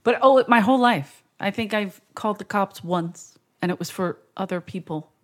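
A woman comedian sits in as a podcast guest, talking casually. She throws in quick asides and laughs between her phrases. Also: medium pitch. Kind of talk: casual chat.

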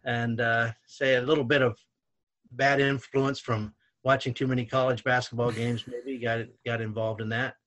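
An older man, a retired basketball coach, telling lively anecdotes in a conversation, his voice rising when he retells shouting matches. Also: medium pitch, moderate pace. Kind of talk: storytelling in conversation.

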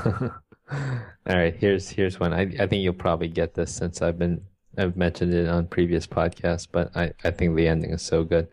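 A man's voice: low voice, level tone, normal speed, darkish tone, no room sound. A man co-hosting a podcast, chatting casually about books and reading passages aloud, laughing often and restarting his sentences. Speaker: podcast co-host. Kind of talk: casual literary chat with read-aloud passages.

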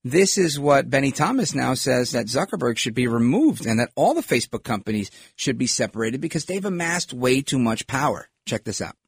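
Man, middle-aged, talk host, husky, lively swinging pitch, rambling opinionated commentary. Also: brisk, hardly any pauses, no room sound. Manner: rambling, animated, digressive.

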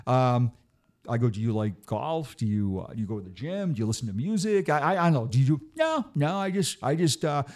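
A man's voice: mid-range voice, expressive, quick pace, a little mellow. A middle-aged man, a retired police officer, telling stories in a casual chat, often stammering and repeating words. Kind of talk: casual storytelling.

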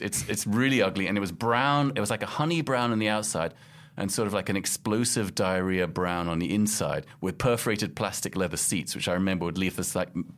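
A middle-aged man from London and Casablanca, chatting in an interview, a wry self-mocking storyteller who laughs often. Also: low-pitched. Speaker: podcast host and guest. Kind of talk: casual interview chat.

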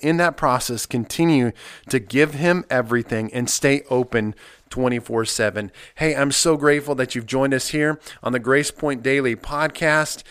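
A man's voice: mid-range voice, fairly bright tone, no echo. A man preaching an earnest podcast sermon, emphatic, with many repeated phrases. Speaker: pastor.

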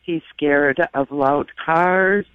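A middle-aged woman calling in to a radio show, explaining at a slow, rambling pace. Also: deep voice, smooth, no room sound, narrow, tinny audio. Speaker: caller. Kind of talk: phone-in call.

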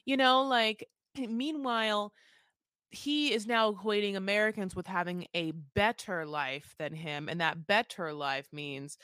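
A woman co-hosting a casual recap podcast, gossipy and crude, acting out quotes with animated swings. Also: medium pitch, smooth, dry recording, studio quality. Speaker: podcast co-host.

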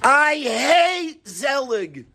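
A man voicing an angry boy who ranted about his best friend, with a husky voice. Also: sing-song, very slow, exaggerated voice. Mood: furious. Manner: shouting, high-pitched rant.

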